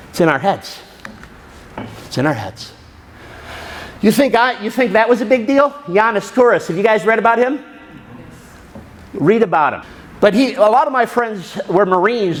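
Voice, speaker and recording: A middle-aged man with a fairly high speaking voice tells a story to an audience. He talks in an animated way and acts out his own inner voice as he goes. He comes across as a motivational speaker. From Southern Illinois.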